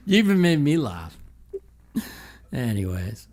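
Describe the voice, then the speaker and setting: A man's voice: lowish voice, animated, unhurried, darkish tone. A man hosting a casual call-in show, blunt and profane, often breaking into laughter.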